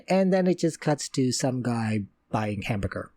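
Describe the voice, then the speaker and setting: A host talking over a horror movie, calling out each scene and dropping sarcastic jabs. The pitch jumps around a lot, and the sound is close and dry with no room echo. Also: big pitch swings, moderate pace, warm tone. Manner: narrates the scenes on screen with sarcastic asides. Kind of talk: casual movie reaction commentary.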